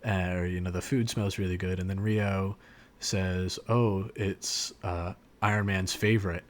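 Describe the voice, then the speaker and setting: A man's voice: sits low, steady tone, a little slow. A man co-hosting a podcast, retelling a scene in casual chat with lots of fillers and restarts. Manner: rambling, many fillers and restarts. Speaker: podcast co-host.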